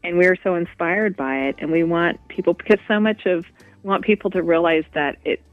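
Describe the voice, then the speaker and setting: A woman's voice: fairly low pitch, fairly quick, no echo, soft background music. A woman guest in a radio interview, talking in a rambling way with many restarts. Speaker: guest, walk co-founder. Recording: dull lo-fi radio audio.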